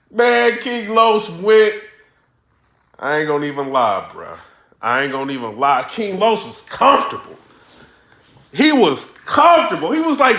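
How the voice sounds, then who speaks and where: High-voiced young guy hyped up reacting to a rap battle, keeps yelling the same lines, roomy echo. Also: sing-song, moderate pace. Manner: hyped, yelling and repeating himself. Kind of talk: excitable reaction commentary. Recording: echoey room.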